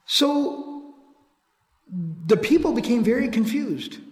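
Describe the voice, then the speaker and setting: A man delivering a sermon in a fairly high voice, retelling narrations and driving points home through repetition. He recites Arabic quotations before explaining them in English. The sound carries the long, roomy echo of a large hall. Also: expressive, slow pace, a little mellow. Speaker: preacher. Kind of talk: sermon storytelling. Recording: echoey hall with long reverb.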